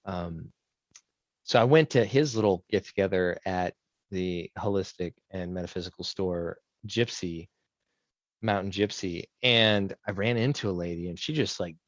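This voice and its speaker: A man with a low voice speaks at a moderate pace, co-hosting a podcast in casual chat. He tells rambling stories and acts out what people said, in a dry recording with the highs cut off.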